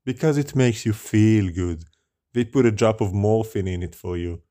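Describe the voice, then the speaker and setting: A man's voice: fairly low pitch, normal speed, warm tone. A man preaching as a rabbi, with rhetorical questions and a scornful tone. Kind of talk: sermon.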